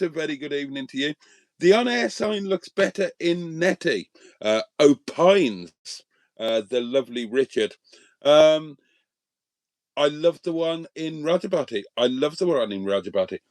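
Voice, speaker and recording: A man's voice: a little high, no room sound. A man hosting a live stream from a motorhome, bantering and reading out viewer names. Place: inside a motorhome.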